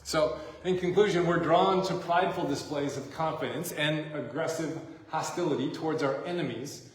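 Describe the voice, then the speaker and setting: A man's voice: on the high side, moderate pace. A man preaching a sermon as a pastor, in a casual, joking, conversational way, recorded in a church sanctuary. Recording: echoey church hall.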